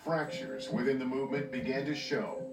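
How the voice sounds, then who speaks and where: A man reads documentary narration in a measured, even way. His voice sits back from the mic in a roomy space, with music playing clearly underneath. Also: medium pitch, far from the mic. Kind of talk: scripted narration.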